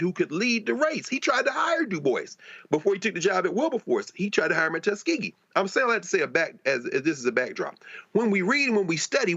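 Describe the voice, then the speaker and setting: A man's voice: high voice, a bit bright, dry recording. Professorial man on a dull remote line. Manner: professorial, detailed, with frequent restarts. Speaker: panelist. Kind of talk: panel discussion commentary.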